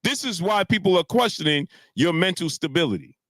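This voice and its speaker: A man hosting a boxing live stream, ranting heatedly with many filler sounds and shouting out chat viewers. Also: high-pitched, animated, fairly quick, no room sound. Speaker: boxing commentary host.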